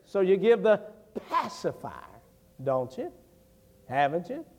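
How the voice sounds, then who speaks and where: A middle-aged evangelist preaches in a church sanctuary, beginning with folksy, homely stories and rising to fervent declamation. His high, slightly mellow voice swoops wildly in pitch while keeping a measured pace, and long church reverb surrounds it.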